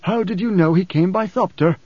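A man's voice: sits high, fairly quick, no echo, voice pushed up. A man voicing an old, wary desert elder who speaks in an earnest, insistent way. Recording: slightly dull dry recording.

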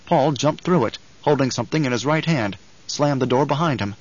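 A man narrating a novel as an audiobook in an even, measured storytelling voice. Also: medium pitch, highs cut off. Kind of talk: scripted narration.

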